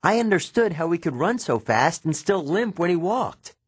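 A man narrating a first-person audiobook with measured, expressive storytelling. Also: fairly high pitch, husky, no echo.

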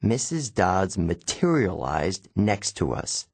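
Husky guy reading a story aloud, super animated delivery, wry, dry close mic. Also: sits low, takes it slowly, no room sound. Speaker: audiobook narrator. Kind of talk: first-person novel narration.

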